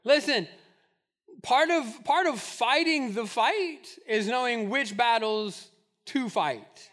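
A man preaching a sermon in an animated way, acting out the voices of the people in his stories. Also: very high-pitched, takes it slowly. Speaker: pastor.

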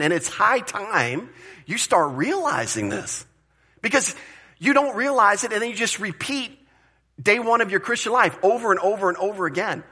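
Animated, bright-voiced man preaching. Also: sits high, moderate pace, husky. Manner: animated, emphatic preaching with repetition and asides to the congregation. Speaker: pastor. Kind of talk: sermon.

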